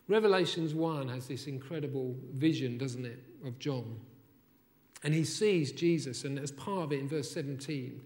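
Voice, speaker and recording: A man preaching a sermon, emphatic, rising to loud repeated phrases and then dropping soft. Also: on the high side. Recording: long hall reverb.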